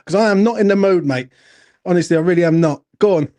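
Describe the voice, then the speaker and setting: A high-voiced man delivers a heated, expletive-filled football fan rant. He hammers his points again and again and keeps demanding agreement from his co-host. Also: fast talker, dark tone. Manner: angry, sweary, repeats "do you know what I'm saying".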